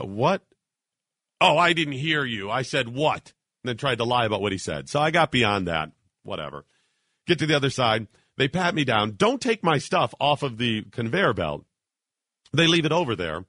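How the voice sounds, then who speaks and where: A man hosting a talk radio show, telling a story in an animated, indignant way and acting out the people in it. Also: medium pitch, no echo, studio quality. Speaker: radio host. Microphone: studio mic.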